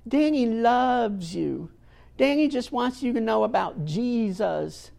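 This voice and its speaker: A man voicing a kindly woman who is good with children, speaking softly and coaxingly. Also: very high-pitched, lively intonation, slow, vocal fry, pitched above the performer's own voice, exaggerated voice. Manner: soft, coaxing.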